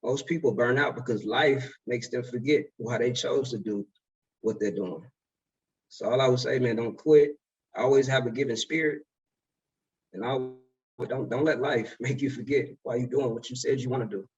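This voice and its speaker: A man's voice: medium pitch, normal speed, darkish tone, slightly rough, far from the mic, dull audio. A man in his twenties telling a story in a casual, slangy way as a speaker at a summit. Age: 20s. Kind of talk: motivational talk.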